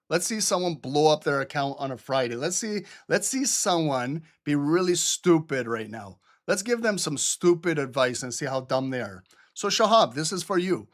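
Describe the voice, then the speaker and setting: A man's voice: on the high side, sing-song, moderate pace. A middle-aged man hosting a live trading stream, blunt, sarcastic and profane, with typing heard behind him.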